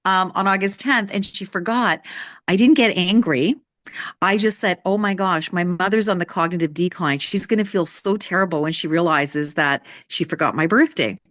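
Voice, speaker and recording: A woman's voice: fairly low pitch, fairly bright tone, no room sound. A woman in her sixties, a personal development coach, telling a personal story in a candid, emphatic way during a live talk. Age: 60s. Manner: candid, emphatic, raises her voice to act out others in quotes.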